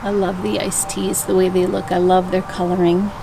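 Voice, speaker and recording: A woman's voice: lowish voice, level tone, normal speed, vocal fry. A woman from Minnesota talking through a casual tour of her home garden, chatty and fond of her plants. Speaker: vlogger giving a garden tour. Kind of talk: casual walking commentary. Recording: loud outdoor background noise.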